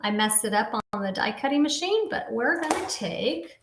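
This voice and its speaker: A woman's voice: a little high, big pitch swings, moderate pace, roomy sound, background noise. A woman in her fifties casually demonstrating a papercraft project, explaining each step as she works. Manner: chatty, explains step by step while working. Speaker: papercraft instructor.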